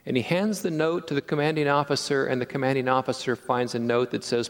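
A man's voice: mid-range voice, quick pace, hardly any pauses. Man preaching in a reverberant sanctuary. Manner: animated storytelling with frequent restarts and repeated words. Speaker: pastor. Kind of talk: sermon. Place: church sanctuary. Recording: long reverb of a large sanctuary.

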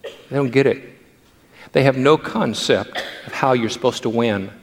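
A man's voice: medium pitch, measured pace, gravelly, big-room sound, a little hiss or hum. An older male pastor who gives a sermon through playful anecdotes about family life.

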